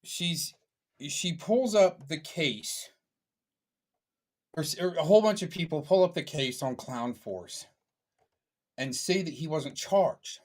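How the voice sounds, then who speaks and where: A man commenting on a clip he has paused, explaining things in a casual and mildly mocking way. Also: a little high.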